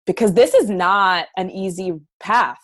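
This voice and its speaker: A woman's voice: medium pitch, unhurried, fairly bright tone, dry recording. A woman from Canada, a podcast guest, speaking bluntly and emphatically in a candid interview, swearing freely.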